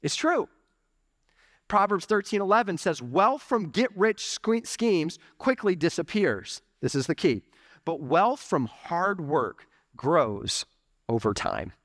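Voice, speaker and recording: A young adult man preaching a conversational, animated sermon in church, peppering his talk with "like" and "okay". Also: high voice, slow pace, no room sound, studio quality. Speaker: pastor. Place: church sanctuary.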